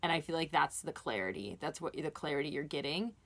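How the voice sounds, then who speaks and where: A woman with a slightly low voice gives a casual tarot reading. She talks straight to her listener in an earnest, reassuring way. Her sentences loop back and restart, full of fillers. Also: lively intonation, quick pace, vocal fry, a bit bright. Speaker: tarot reader.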